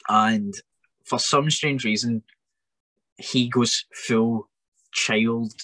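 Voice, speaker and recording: A man's voice: mid-range voice, fairly even intonation, drawn-out words, sharp tone, dry recording. Scottish man telling a story in a rant. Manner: ranting, exasperated, with many restarts. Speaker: wrestler guest. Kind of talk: animated storytelling.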